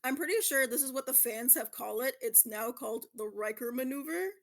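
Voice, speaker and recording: A woman's voice: fairly high pitch, a little fast. A woman co-hosting a podcast and running a casual quiz, laughing often as she explains. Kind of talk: casual chat.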